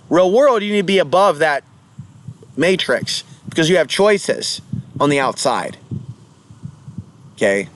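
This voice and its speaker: Rambling man vlogging, slightly high voice. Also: a little hiss or hum. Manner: rambling, drifts between topics, mocking sing-song asides. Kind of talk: rambling monologue vlog.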